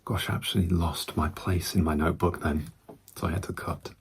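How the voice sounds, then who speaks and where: A man with a British accent, talking slowly and softly in soft-spoken ASMR, often slipping into whispers, close to the microphone. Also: low-pitched, fairly even intonation, creaky, background noise. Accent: British English. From Britain. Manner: slow, soft speech drifting into whispers. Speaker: ASMR creator.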